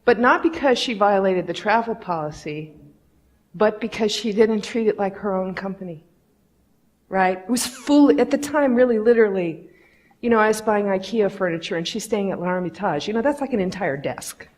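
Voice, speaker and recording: A middle-aged woman gives a candid, storytelling keynote. Her voice sits at a middle pitch, and she slips into little impressions of the people she quotes. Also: normal speed, a little mellow. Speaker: conference speaker.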